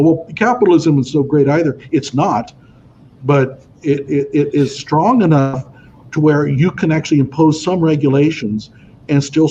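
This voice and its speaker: Man, slightly higher voice, emphatic and opinionated, muffled lo-fi sound, faint hiss. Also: a little mellow. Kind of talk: casual discussion. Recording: dull lo-fi audio with faint noise.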